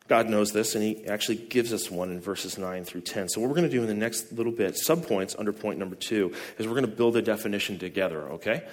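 A male pastor delivers a sermon in a conversational style, with a voice of ordinary middle pitch. He keeps putting questions to the congregation and slips into a lighter voice for short quoted lines.

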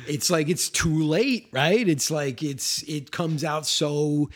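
Animated, swearing podcast man. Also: a little high, slow. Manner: animated, profane, acts out quotes with laughter. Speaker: podcast co-host. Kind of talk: casual film discussion.

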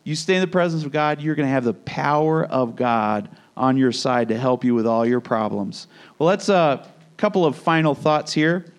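A man's voice: medium pitch, normal speed, clean tone. A man preaching a conversational sermon, acting out Bible scenes as he tells them. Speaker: pastor.

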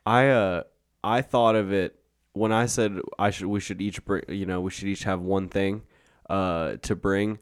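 Low-voiced young man, rambling podcast chat. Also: fairly even intonation, a little slow, clear, resonant tone. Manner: rambling, restarts a lot, laughs often. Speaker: podcast co-host. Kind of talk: casual chat.

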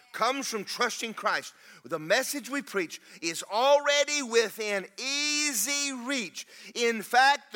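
A man with a drawl preaches a sermon, his voice sitting high and ringing bright. He mixes folksy jokes with emphatic, driving preaching. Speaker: pastor.

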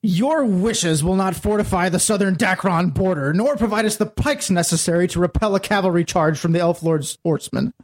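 A man voicing an uptight male military general who speaks in a slow, clipped, commanding way. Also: sits high. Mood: stern.

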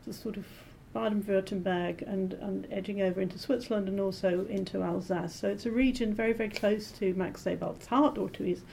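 Mellow, gravelly-voiced woman translator. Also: medium pitch, fairly even intonation, slight background noise. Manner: measured, explanatory, with many ums. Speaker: literary translator, interview guest. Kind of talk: thoughtful academic conversation.

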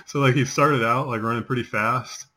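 A man's voice: medium pitch, bright, forceful tone, slight background noise. A man in his forties chatting casually as a host, telling rambling stories with many fillers. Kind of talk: casual chat.

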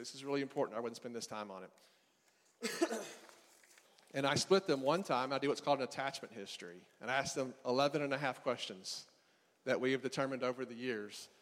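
Man teaching casually in an echoing hall. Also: mid-range voice. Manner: casual, conversational, with asides and quick restarts. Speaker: marriage and family counselor teaching a seminar. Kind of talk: faith-based teaching talk.

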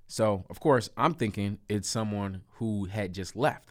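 Deep-voiced guy telling a story, emphatic, lots of asides, dry sound. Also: a little fast, few pauses, no room sound. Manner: animated, emphatic, repetitive asides. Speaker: storyteller vlogger. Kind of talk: casual first-person storytelling.

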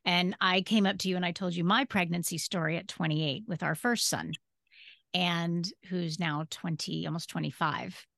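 A woman in her fifties, a disability advocate appearing as a podcast guest, tells her personal story earnestly and emphatically in a casual interview, repeating key phrases. Her voice is on the low side with a fairly bright tone, captured in clean studio sound with no room noise.

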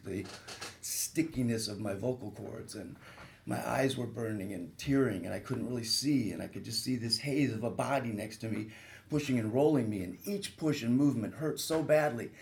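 A man's voice: mid-range voice, normal speed, creaky. A man, a surgeon, telling a guest on a radio talk show the personal story of a grave injury, earnest and vivid. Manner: earnest, vivid retelling with rising intensity at peak moments.

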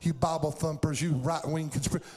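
A man's voice: a little high, steady tone, moderate pace, darkish tone. A middle-aged man preaching a sermon, telling stories and building to fervent exhortation.

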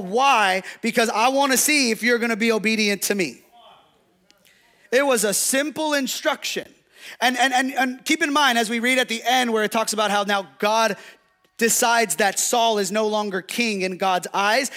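Bright-voiced man preaching conversationally. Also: extremely high pitch. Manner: conversational, storytelling with audience call-outs. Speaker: pastor. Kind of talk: sermon.

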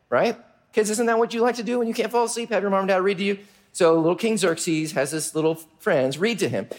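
A male pastor telling a Bible story to children in an energetic, playful way, often asking the audience questions. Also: sits high.

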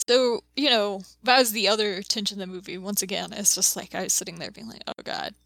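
A young woman co-hosting a podcast, talking casually about a film with quick, chatty reactions. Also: mid-range voice, fairly even intonation, a bit bright, no echo. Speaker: podcast co-host.

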